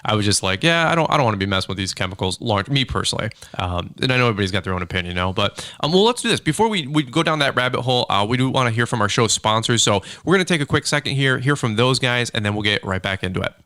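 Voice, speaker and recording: A man's voice: mid-range voice, racing, hardly any pauses, no echo. A man hosting a podcast from his home studio, chatting casually and acting out quotes with lots of "bro" and "dude". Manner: animated storyteller, acts out quotes, says "bro" and "dude" a lot. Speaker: podcast host. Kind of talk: casual chat.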